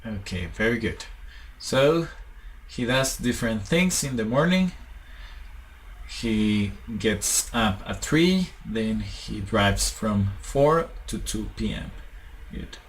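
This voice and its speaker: A man's voice: fairly low pitch, expressive, takes it slowly, a little hiss or hum, low-quality recording. A man, patiently teaching a one-on-one English lesson and switching to to explain.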